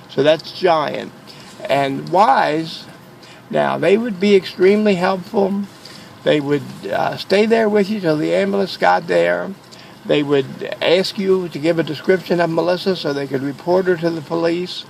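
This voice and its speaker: This vlogger speaks at a measured pace in a raised, gravelly, fairly high voice, telling a digressive, jokey story as he chats casually with his audience. He starts out in a parking lot and moves to his parked car, with faint outdoor sounds in the background. The audio is poor.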